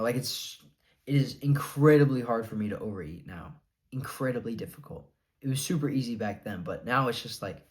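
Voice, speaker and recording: A young adult man talking casually to camera, rambling with many fillers, earnest and a bit defiant. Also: fairly low pitch. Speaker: vlogger sharing his diet experience.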